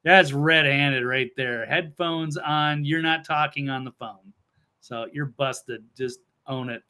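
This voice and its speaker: A man's voice: medium pitch, slow pace, pushed and bright, clean tone. A man co-hosting a talk show, giving blunt, opinionated takes in casual chat. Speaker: co-host.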